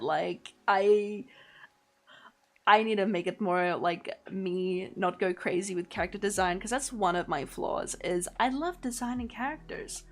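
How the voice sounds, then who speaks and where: A woman's voice: mid-range voice, unhurried. A young woman streaming as a VTuber, chatting casually in a rambling way, laughing often and swearing offhandedly. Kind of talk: casual livestream chat.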